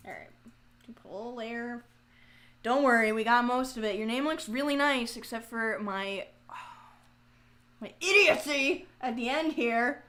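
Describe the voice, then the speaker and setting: A woman with a fairly high voice chats with her live-stream viewers as she paints a pumpkin. She talks in a loose, self-mocking way, swears freely, and now and then bursts into loud, frustrated outcries. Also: unhurried, pauses often.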